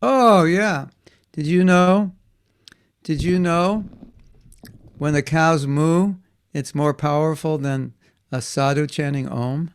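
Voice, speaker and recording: Gravelly man teaching children. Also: fairly high pitch, slow, long pauses. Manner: animated, acts out voices in quotes. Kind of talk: storytelling class for children.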